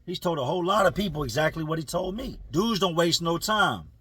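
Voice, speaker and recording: A man telling a prison story in casual street slang, lively and full of acted quotes. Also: fairly high pitch, brisk, a little hiss or hum. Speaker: storyteller recounting prison life.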